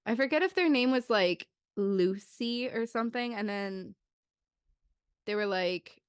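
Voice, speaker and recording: Smooth-voiced young woman telling a story. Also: a little slow, no room sound, clean studio sound. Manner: animated, acts out the children's voices with big jumps in pitch; loose, chatty telling with many "like"s. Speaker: podcast co-host. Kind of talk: casual storytelling chat.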